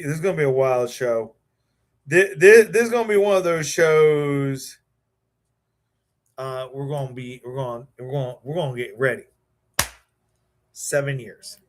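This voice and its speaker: A man hosting his live stream, hyped up and emotional, stammering and repeating words as he warms up the show. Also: a little high. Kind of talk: excited live-stream chat.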